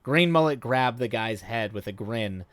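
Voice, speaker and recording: A man streaming live, reading a story aloud and breaking off into excited, rambling commentary. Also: medium pitch, a little slow, no room sound. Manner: enthusiastic, rambling commentary with many fillers and restarts.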